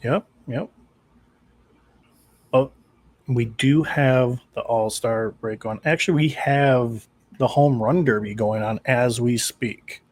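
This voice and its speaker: A man's voice: mid-range voice, slow pace, long pauses, dry recording. A man co-hosting a casual sports podcast, telling stories and teasing his friends in an easygoing way. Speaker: podcast co-host.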